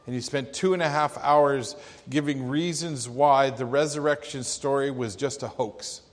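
A man pastor delivering a sermon in a church, telling a story with dramatic pauses. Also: medium pitch. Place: church sanctuary. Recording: long church reverb.

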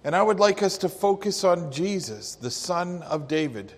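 A man preaching a sermon, telling a story and then posing rhetorical questions to his listeners in a deliberate way. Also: high voice, lively intonation, big-room sound.

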